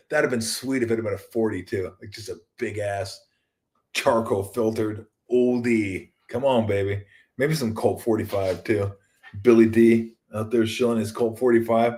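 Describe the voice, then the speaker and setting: A man's voice: lowish voice, fairly even intonation, moderate pace, darkish tone. A man in his fifties hosting a casual solo sports talk show, rambling and joking as he acts out other people's voices.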